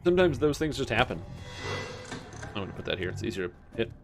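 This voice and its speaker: A man's voice: fairly low pitch, very animated, fast talker, creaky, music in the background. A young man streaming a game, chatting casually and rambling through stories. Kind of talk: casual chat while gaming. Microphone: webcam-streaming setup.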